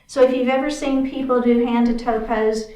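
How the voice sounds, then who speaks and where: A woman's voice: fairly high pitch, little pitch movement, fairly quick, warm tone. A woman teaching a chair yoga class, cueing each move step by step and checking in often with her students. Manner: encouraging, cueing moves step by step with frequent check-ins. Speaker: yoga instructor. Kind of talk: guided exercise class instruction. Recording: roomy sound from a distant mic.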